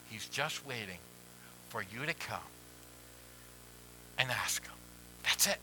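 A man preaching a sermon as pastor, who drops to hushed near-whispers and rises to loud pleading. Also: medium pitch, very animated, a little slow, pauses often, background noise.

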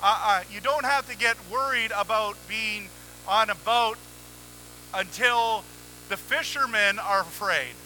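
A man preaching a sermon in a conversational, energetic way, acting out little exchanges with God, at a church microphone. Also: sits high, measured pace, a little hiss or hum, rough recording. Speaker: pastor. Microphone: handheld or headset mic, volume cutting on and off.

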